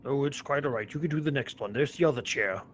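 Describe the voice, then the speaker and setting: A man's voice: mid-range voice, quick pace, a bit bright, a little hiss or hum. A man taking his turn in a tabletop game. He has a mid-range voice and an easygoing manner, often letting his sentences trail off. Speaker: player. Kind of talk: casual tabletop play.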